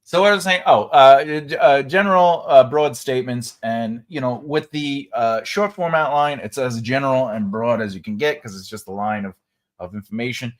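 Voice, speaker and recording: Teaching writing over a livestream from his home, this man keeps things chatty and loose, with lots of fillers and restarts. He has a mid-range voice and speaks at a moderate pace.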